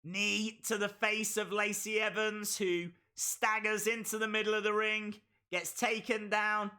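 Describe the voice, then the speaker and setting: Male streamer, excitable play-by-play host; high, very bright voice. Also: unhurried, few pauses, clear, resonant tone. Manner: excitable play-by-play, bursts into shouts. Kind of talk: live reaction commentary.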